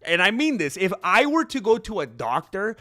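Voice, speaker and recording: A man talks in a loose, rambling way on his own livestream. He sits at a desk mic, his voice sits a little high, and he keeps turning to greet viewers in the chat. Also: big pitch swings, moderate pace, sharp tone, soft background music. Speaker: livestream host.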